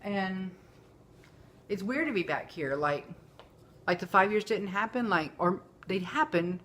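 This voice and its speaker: A woman's voice: medium pitch, animated, unhurried, a bit bright, a little hiss or hum. A woman, talking candidly and emotionally in a rambling personal vlog. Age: 40s. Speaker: vlogger. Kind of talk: casual confessional vlog.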